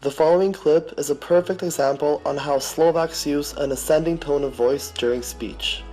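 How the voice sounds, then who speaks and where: A man narrating an educational piece in a measured, explanatory reading style. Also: a little high, a little mellow, soft background music, rough recording.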